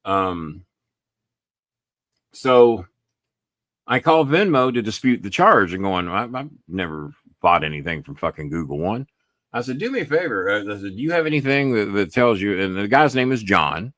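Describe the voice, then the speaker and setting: A man hosts his own show and rambles through a story, full of "I said" asides and casual swearing. His voice sits low. The sound is dry and close, with no room around it. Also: animated, normal speed, a bit bright, no room sound. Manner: rambling, retells calls with many "I said" asides; frequent swearing. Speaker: podcast host.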